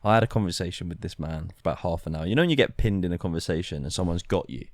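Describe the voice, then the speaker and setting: Man co-hosting a chat podcast, teasing storyteller, animated pitch, dry room. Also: rapid-fire, dry recording. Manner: teasing storyteller, laughs a lot. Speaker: podcast co-host. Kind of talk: casual chat.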